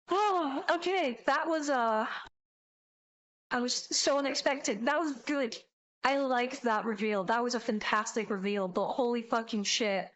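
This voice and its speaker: A young woman streamer reacting out loud, her voice sitting a little high as she rambles excitably and swears freely. Her casual commentary runs loose and unpolished, with talk that tumbles forward in bursts. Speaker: VTuber streamer.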